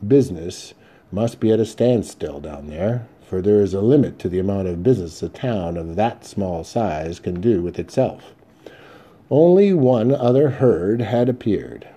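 Male audiobook narrator, dark timbre, steady measured read. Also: on the low side, breathy edge. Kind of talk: scripted first-person Western narration.

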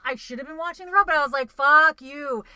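A woman chatting casually and telling a story in a lively, profane way, acting out what she said at the time. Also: high voice, very fast, crowd noise. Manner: animated, profane, acts out her own quotes.

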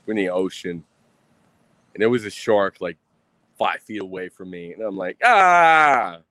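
On a streaming mic with no room sound, a young man from Texas delivers a rambling livestream rant full of boasting, profanity and swagger. His voice is low, his tone steady, his speed normal.

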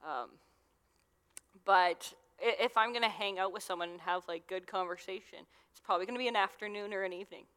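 A young adult woman serving as a youth minister gives a casual, conversational sermon, chatty and full of fillers. Her mid-range voice is fairly quick and a bit bright, with long hall reverb.

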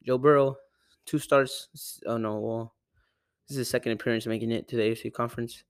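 A man's voice: mid-range voice, steady tone, fairly quick, smooth, no echo, studio quality. A young man from Arizona rambling through a casual, profane sports rant at home, often correcting himself. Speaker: sports podcaster. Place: home room with a cat. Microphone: close desk mic.

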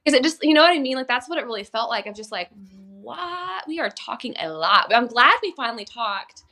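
A woman co-hosting a podcast in casual chat, animated and acting out quoted lines. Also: fairly high pitch, fast. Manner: animated, acts out quoted dialogue. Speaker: podcast co-host.

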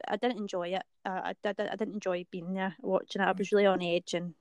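A woman's voice: medium pitch, little pitch movement, fast talker, a little mellow, no room sound. A woman chatting casually, rambling with lots of fillers and the odd swear word. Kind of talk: casual chat.

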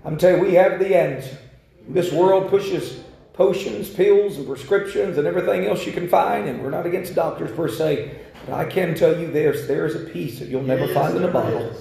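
A man preaching a revival sermon in a church, fervent and rising to shouts. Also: on the high side, moderate pace, creaky. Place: church sanctuary. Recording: echoey church room.

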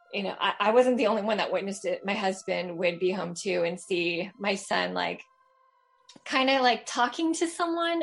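A woman's voice: mid-range voice, creaky. Chatty woman caller telling a story. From Los Angeles. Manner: chatty, many fillers and restarts, laughs while telling. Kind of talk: casual storytelling.

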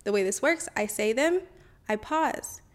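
A woman's voice: fairly high pitch, expressive, a little slow. A woman hosting a self-help podcast, chatty and encouraging, often saying y'all and okay. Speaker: podcast host.

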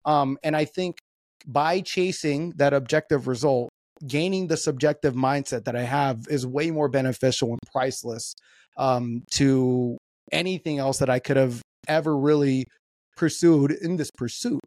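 A man's voice: mid-range voice, moderate pace, darkish tone, no room sound. Chill podcast host guy, swears a lot, lots of ums, dry close sound. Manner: laid-back, swears freely, many fillers. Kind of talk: casual interview chat.

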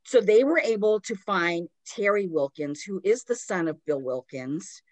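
A woman's voice: mid-range voice, measured pace, dry recording. A woman hosting a podcast with a sore throat, telling a spooky story casually and animatedly with lots of "like". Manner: animated retelling with fillers like "like".

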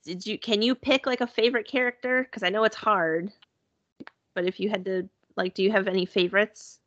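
A woman's voice: mid-range voice, fairly even intonation, brisk, fairly bright tone, no echo, dull audio. A woman in casual conversation, chatty and upbeat, filling her talk with "like" and "you know". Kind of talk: casual chat.

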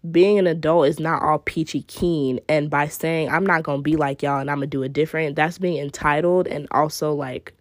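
A woman's voice: deep voice, a little mellow, no room sound, clean studio sound. A woman hosting a casual solo podcast, speaking candidly and reflectively and cursing freely in a slang-heavy drawl. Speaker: podcast host.

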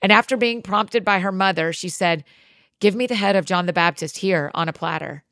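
A woman giving a measured, even-toned scripted Bible reading. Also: medium pitch, no room sound, clean studio sound. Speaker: scripture reader.

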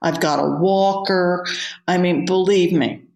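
A woman's voice: on the low side, unhurried, a little mellow. A woman, a yoga teacher, telling a candid personal story as an interview guest. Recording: roomy echo.

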